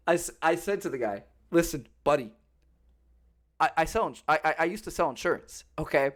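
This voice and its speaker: A man's voice: on the high side, moderate pace. A man telling stories on a casual podcast, swearing freely and acting out the people he talks about. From Florida. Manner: animated storytelling, swears often, acts out callers. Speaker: podcast host. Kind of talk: casual chat.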